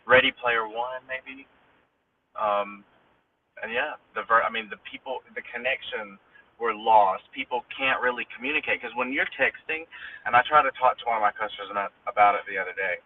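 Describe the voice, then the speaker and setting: A man's voice: mid-range voice, moderate pace. A man chatting casually in a support group stream, thinking aloud with many fillers. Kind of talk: casual livestream chat. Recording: distant tinny phone line with faint noise.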